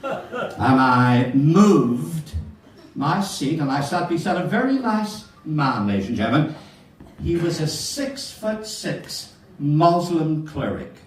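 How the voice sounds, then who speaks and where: An older man rattles off cheery one-liners to a live crowd. His voice rises and falls all over, bright and a touch high. The sound is heavily echoey and caught from some distance, like a hall recording. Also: big pitch swings, takes it slowly, a little hiss or hum. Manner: cheery storyteller, addresses the audience as ladies and gentlemen. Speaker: stand-up comedian. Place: hotel function room with a live audience.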